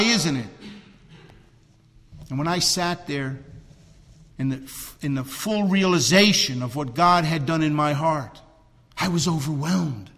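A man preaching a sermon as pastor, swinging between loud emphatic cries and hushed, low, drawn-out phrases. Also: big-room sound.

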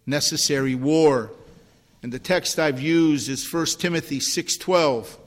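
A male pastor delivering a sermon, his voice rising and pushing hard on key points and dropping low and quiet in prayer. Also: measured pace, big-room sound. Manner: rises in pitch and force when preaching, drops low in prayer. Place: church sanctuary.

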